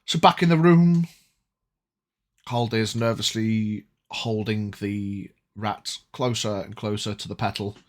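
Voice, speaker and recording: A man narrating as game master of a tabletop game, laid-back and unhurried. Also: on the low side, steady tone.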